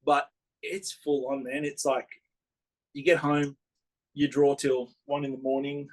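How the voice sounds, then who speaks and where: A man's voice: mid-range voice, level tone, unhurried, rough recording. A man, a tattoo artist chatting casually, rambling with lots of fillers and laughs. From Australia. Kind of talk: casual chat. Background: dog barking.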